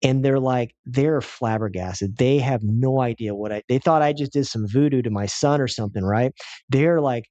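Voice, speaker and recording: A man's voice: mid-range voice, normal speed, dry recording, muffled recording. Man telling a story. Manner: animated storyteller who acts out quoted voices. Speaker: chiropractor. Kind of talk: personal storytelling talk.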